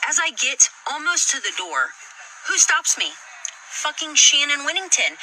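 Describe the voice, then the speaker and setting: A woman recounts her own story in a blunt, upset way, swearing as she goes. Her voice is very bright and cutting. Faint noise sits behind her. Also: high voice, big pitch swings, a little slow, poor audio. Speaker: guest telling her story. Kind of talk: emotional personal account on a live stream.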